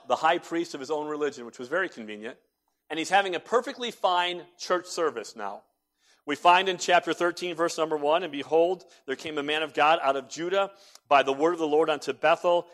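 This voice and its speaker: A man preaching a sermon as pastor, telling stories with animated swings between hushed and loud delivery in a church. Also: sits high. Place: church sanctuary.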